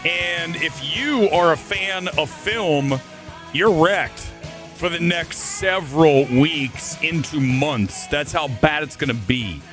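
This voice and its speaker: A man's voice: on the high side, slow, a bit bright, soft background music. A man hosting a live movie review stream, ranting furiously and swearing about a film. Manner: furious, swearing, exaggerated outbursts.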